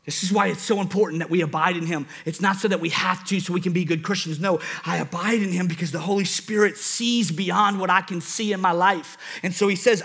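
A man with a New Orleans accent preaching an impassioned sermon that swings from near-shouts to soft tones. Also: high voice, steady tone, fairly quick, few pauses, husky.

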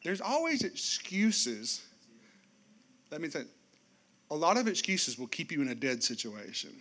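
A male pastor preaching a sermon, animated and joking, swinging between loud and hushed. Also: a little high, measured pace. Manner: joking, speaks straight to the congregation.

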